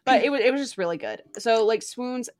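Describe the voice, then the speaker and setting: A woman's voice: fairly high pitch, lively intonation, brisk, no room sound, studio quality. Gushing young woman with a drawl. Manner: gushing, swears freely, many fillers. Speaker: podcast co-host reviewing a book. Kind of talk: casual chat.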